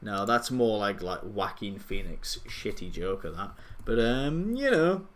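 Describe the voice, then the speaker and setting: A man chatting on a live stream in an unhurried, drawn-out way. His voice is bright and sharp-edged, and he rambles, jokes at his own expense and lets sentences trail away. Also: fairly low pitch, very animated. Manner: rambling, self-mocking, trails off. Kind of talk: casual chat on a live stream.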